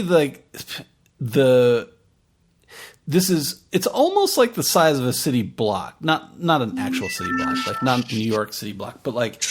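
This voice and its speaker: Guy running a tabletop game, gravelly voice, lots of um and you know, mid pitch. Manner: rambling, many fillers and restarts. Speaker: game master. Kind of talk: describing a tabletop game scene.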